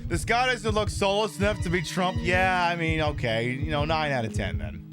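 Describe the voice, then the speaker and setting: A man's voice: a little high, lively intonation, moderate pace, music in the background. A man live-streaming a horror game, rambling, jokey and profane as he chats. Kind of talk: casual live-stream commentary.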